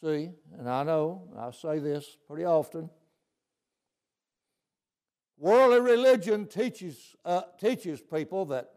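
A man's voice: fairly high pitch, takes it slowly, long pauses, a little mellow. A male preacher delivering a folksy sermon, often asking "See?".

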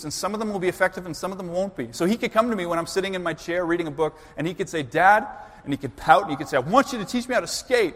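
A pastor in his thirties preaching a sermon in a church, building to loud, impassioned pleading prayers. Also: high-pitched. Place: church sanctuary. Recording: long reverb of a large church hall.

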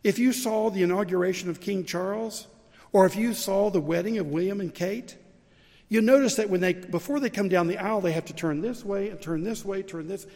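Older Southern preacher in a reverberant sanctuary. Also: male voice, sits high, brisk, darkish tone. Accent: Southern American. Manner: storytelling preacher, rising to emphatic peaks. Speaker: pastor. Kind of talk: sermon. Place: large church sanctuary. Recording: long reverb of a church sanctuary.

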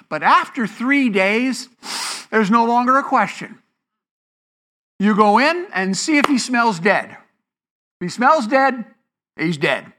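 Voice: medium pitch, a bit bright. A pastor teaching a sermon to a congregation, asking rhetorical questions and answering them, stretching key words for emphasis. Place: church before a congregation.

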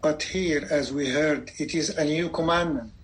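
A man's voice: on the high side, moderate pace, rough recording. A man in a Bible discussion, thoughtfully raising a question. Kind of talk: Bible reading meeting discussion.

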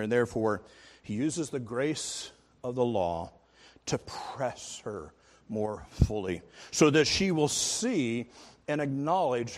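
A man's voice: medium pitch, darkish tone. Man preaching in a reverberant hall. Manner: earnest expository preaching, rising to emphatic stress. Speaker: pastor. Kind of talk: sermon.

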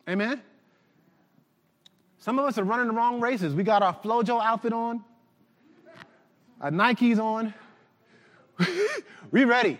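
A man preaching a sermon to his church, animated and shouting at the peaks. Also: extremely high pitch, takes it slowly, long pauses, big-room sound. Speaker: pastor.

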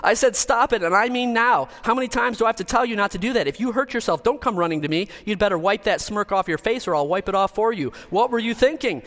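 A preacher doing an exasperated scolding dad. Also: male voice, sits high, lively intonation, a bit bright, pitched above the performer's own voice. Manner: rapid-fire, indignant, nagging. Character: exasperated scolding father lecturing his child.

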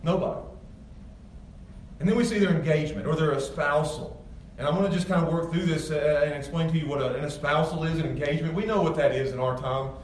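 In a church sanctuary full of worshippers, a pastor delivers a sermon in a forceful, conversational manner, often starting his lines over. He speaks fast in a fairly high voice, with slight background noise. The room echoes, the mic is distant, and faint ambience lingers.

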